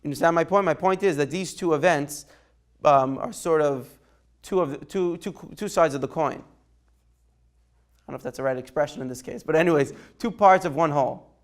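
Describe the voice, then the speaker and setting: Guy teaching a torah class, slightly high voice, chatty, keeps asking "right?". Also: moderate pace. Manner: conversational, takes questions by name, asks "right?". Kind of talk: informal Torah lesson.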